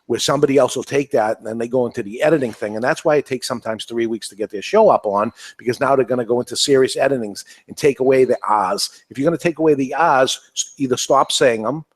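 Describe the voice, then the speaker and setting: A man's voice: mid-range voice, fast talker, few pauses. Emphatic rambling New England man. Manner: rambling, emphatic, repeats himself. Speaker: cigar podcast host. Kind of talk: casual panel chat.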